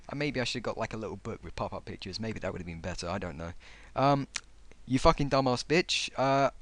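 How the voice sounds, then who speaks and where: A man's voice: medium pitch, a bit bright, no echo. A man reading out online comments and mocking them, sarcastic and exasperated.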